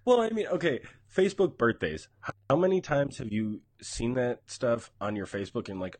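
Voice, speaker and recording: A man's voice: mid-range voice, expressive, moderate pace, darkish tone, husky, no echo. A man co-hosting a casual podcast, joking and teasing his friend in loose banter. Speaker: podcast co-host. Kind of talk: casual chat.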